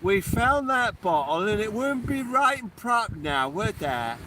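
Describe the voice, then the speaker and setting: A man's voice: high voice, big pitch swings, measured pace, distant mic, background noise. A man doing a broad Somerset country yokel voice. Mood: mock-solemn. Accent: put-on Somerset.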